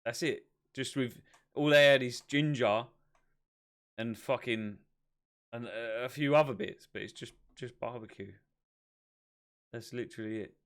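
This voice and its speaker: A man co-hosting a casual live stream, chatting in relaxed banter full of slang and the odd swear. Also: mid-range voice, measured pace, pauses often.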